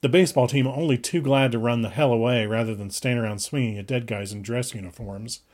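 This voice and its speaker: A man reads a first-person story aloud at a medium pitch. His delivery is brisk and urgent, pushing through action scenes with shifting tempo. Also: darkish tone. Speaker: audiobook reader. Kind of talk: first-person fiction narration.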